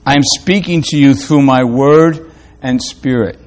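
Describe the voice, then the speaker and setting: Preacher doing god as a soft hushed dad voice, slow, gentle, reassuring. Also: male voice, mid-range voice, natural voice. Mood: tender.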